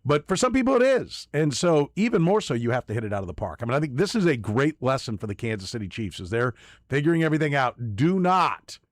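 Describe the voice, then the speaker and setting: A man's voice: medium pitch, sing-song, fast, no room sound, studio quality. A man hosting sports talk radio, giving emphatic opinions and often repeating words as he starts a point. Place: radio studio. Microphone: studio microphone.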